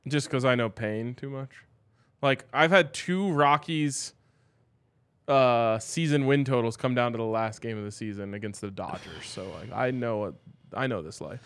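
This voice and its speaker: Man, casual sports betting co-host, smooth resonant voice, dry close sound. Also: medium pitch, moderate pace, fairly bright tone, no echo. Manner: laid-back, joking, gives his picks.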